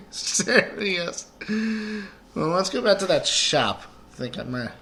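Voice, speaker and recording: A man's voice: sits high, very animated, takes it slowly, fairly bright tone, a little hiss or hum. A man giving rambling, joking let's play commentary while he plays.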